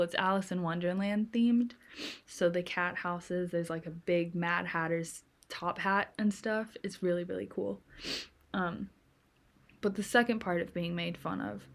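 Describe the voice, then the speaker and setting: Slow-talking young American woman. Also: medium pitch, a bit bright. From United States. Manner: chatty, acts out quoted voices. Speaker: streamer. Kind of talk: casual storytelling chat.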